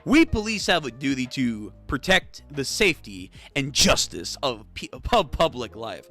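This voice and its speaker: A man's voice: medium pitch, very animated, unhurried, bright, forceful tone, faint music behind, exaggerated voice. A man putting on a drawling Southern cop. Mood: smug. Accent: Southern US put-on. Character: brash male police officer, pushy and leering.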